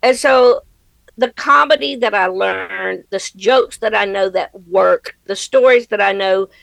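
A woman's voice: mid-range voice, measured pace, gravelly, a bit bright, no room sound, poor audio. A middle-aged woman comedian giving a guest interview, talking earnestly and reflectively and laughing easily. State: widowed. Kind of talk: conversational interview answers.

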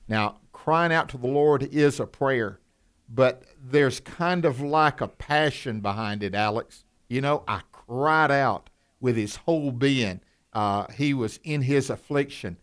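A man co-hosting a conversational Bible teaching, folksy, asking his listeners questions, with moments of passion. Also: medium pitch. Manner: folksy, asks questions, turns passionate at times.

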